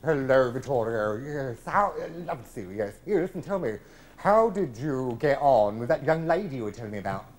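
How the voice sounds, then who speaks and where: Brief: actor playing an arch, drawling comic on a theatre stage, camp and gossipy, mid-pitched voice. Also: male voice, sing-song, fairly quick, a little mellow, close to an everyday voice. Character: camp nasal older male comedian, arch, gossipy. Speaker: stage performer in one-man show. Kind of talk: live stage impression. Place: large theatre, live audience.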